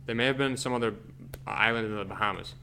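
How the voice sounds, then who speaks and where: A man's voice: medium pitch, fast, vocal fry, bright, forceful tone, slight background noise. A man co-hosting a podcast, telling eerie stories in a rambling, casual way and laughing easily. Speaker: podcast co-host. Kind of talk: casual storytelling chat.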